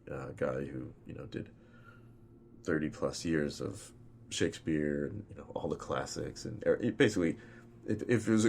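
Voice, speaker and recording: A film director talking in a casual interview, rambling and swearing freely, with lots of fillers. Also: male voice, very deep voice, darkish tone, slight background noise. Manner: rambling and profane, full of fillers.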